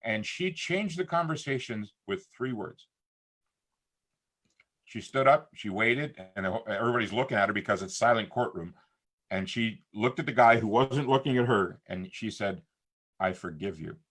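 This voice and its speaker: This middle-aged talk show guest speaks at normal speed in a mid-range voice. In relaxed conversation, he tells lively stories and performs the quotes of people in them.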